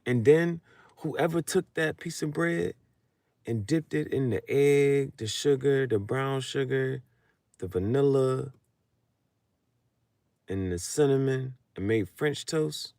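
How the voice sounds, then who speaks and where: A man in a casual late-night monologue who talks animatedly and laughs often, moving between low mutters and loud outbursts. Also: slow pace, gravelly, long pauses, dry recording. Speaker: vlogger.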